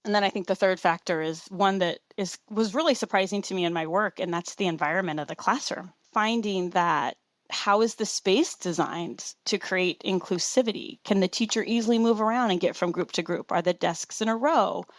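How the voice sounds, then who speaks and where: A woman's voice: mid-range voice, moderate pace, dry recording, studio quality. A woman guest expert on a podcast, earnestly explaining her ideas on teaching and laying them out point by point. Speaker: teaches students. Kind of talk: podcast interview answer.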